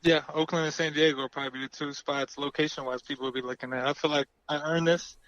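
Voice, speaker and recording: A man's voice: on the high side, fairly even intonation, fast talker, a bit bright, no room sound, highs cut off. A man with a Southern US accent, chatting easily as an interview guest and laughing often. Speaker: guest, football quarterback. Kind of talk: casual interview chat.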